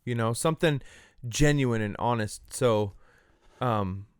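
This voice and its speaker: Smooth-voiced joking male podcast host. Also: mid-range voice, slow pace, dry recording, studio quality. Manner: joking, deadpan mock-solemn asides. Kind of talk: casual comedic chat.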